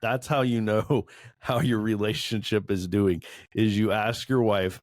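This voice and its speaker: Brief: low-voiced man in his forties, earnest and candid, dry close recording, self-deprecating storyteller. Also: steady tone, unhurried, hardly any pauses, no room sound. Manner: earnest, self-deprecating, laughs while telling stories. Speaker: podcast panelist. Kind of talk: candid group discussion.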